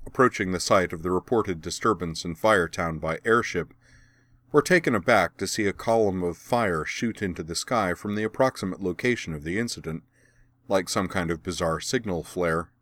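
A man narrating an audiobook of fan fiction in a steady, even storytelling manner. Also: deep voice, normal speed, no room sound, studio quality.

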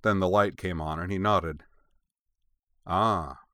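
Deep-voiced man reading a story. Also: steady tone, normal speed, fairly bright tone, clean tone, no room sound, studio quality. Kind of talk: storybook narration.

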